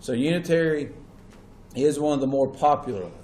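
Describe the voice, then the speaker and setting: This man teaches at medium pitch, his voice a little mellow and his delivery fairly quick. His classroom lecture explains things step by step, often checking whether students follow, in an echoey room with faint hum.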